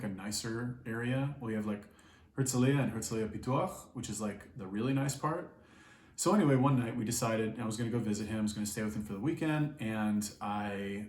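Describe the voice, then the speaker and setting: A young man telling a story casually, rambling and swearing a lot, with many fillers. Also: on the low side. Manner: profane, rambling, filler-heavy. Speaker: vlogger. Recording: echoey room, faint background noise.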